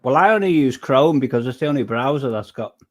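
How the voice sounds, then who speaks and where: A man's voice: mid-range voice, expressive, quick pace. Rambling, jokey man. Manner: rambling, self-deprecating, jokey. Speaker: livestream host. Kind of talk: casual chat.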